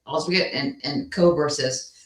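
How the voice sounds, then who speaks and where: A woman co-hosting a casual chat, telling stories in an animated, laughing way. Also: sits low, moderate pace, reverberant, low-quality recording. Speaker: co-host.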